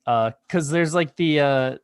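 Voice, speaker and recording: A man's voice: on the high side, unhurried, clean tone, no room sound, clean studio sound. A man co-hosting a podcast, musing aloud with questions in casual chat. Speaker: podcast co-host.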